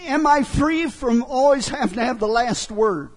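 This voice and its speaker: A middle-aged male preacher giving a sermon, emphatic, often asking his listeners "huh?". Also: very high-pitched. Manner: slow, emphatic, asks the crowd "huh?" often.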